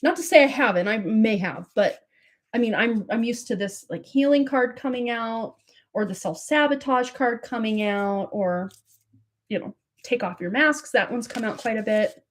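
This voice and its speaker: Woman, tarot reader hosting a live stream; slightly high voice, effusive, chatty, spiritual. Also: normal speed. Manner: effusive, breathless, spiritual, many likes and fillers. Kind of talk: live tarot reading, casual and gushing.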